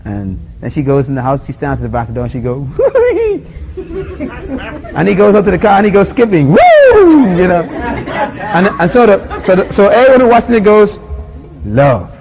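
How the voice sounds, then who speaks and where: Animated Bahamian preacher, slightly high voice. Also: male voice, brisk, a faint crowd, rough recording. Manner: animated storyteller, acts out voices, laughs often. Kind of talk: sermon with acted-out anecdotes.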